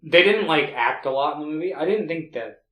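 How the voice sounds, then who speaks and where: A man's voice: a little high, expressive, a little fast, sharp tone. A man co-hosting a casual movie review podcast, laid-back, swearing casually and trailing off. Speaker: podcast co-host. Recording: echoey room.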